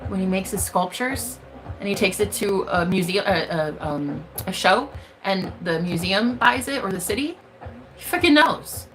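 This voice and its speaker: A woman's voice: mid-range voice, expressive, normal speed, music in the background. A woman, a spiritual reader, giving an emphatic, profane motivational rant straight to her viewers.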